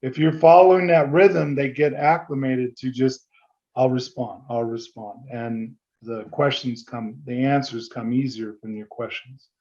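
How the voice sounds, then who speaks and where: A man giving a fast-paced, conversational business training presentation at a chamber meeting, sometimes acting out sample phone dialogue. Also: medium pitch, steady tone, a little mellow, lo-fi sound. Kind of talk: seminar presentation.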